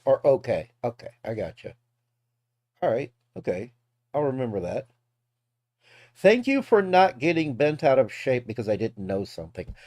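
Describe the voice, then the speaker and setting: A man's voice: medium pitch, very animated, normal speed, long pauses, a little mellow, no echo. A man from Texas with a Texan accent, rambling casually and laughing as he reacts to videos. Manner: rambling, laughs often, swears freely. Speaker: streamer reacting to clips.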